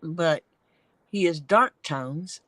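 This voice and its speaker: A woman's voice: low voice, very slow, dry recording. A woman streaming her leatherwork from a home basement workroom, chatting and thinking aloud as she works. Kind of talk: casual livestream chat while working.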